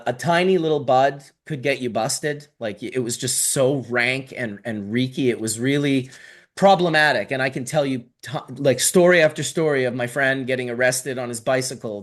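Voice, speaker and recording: A man's voice: mid-range voice, fairly bright tone. A middle-aged man from Canada, a podcast guest telling long stories in casual conversation, rambling and swearing, with lots of fillers and restarts.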